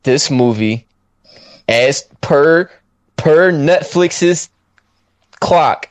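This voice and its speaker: A man co-hosting a podcast, chatting casually about a film with slang and quick quoted asides. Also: dry recording. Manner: animated, swoops up high when quoting himself, slangy. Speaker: podcast co-host reviewing a film. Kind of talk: casual chat.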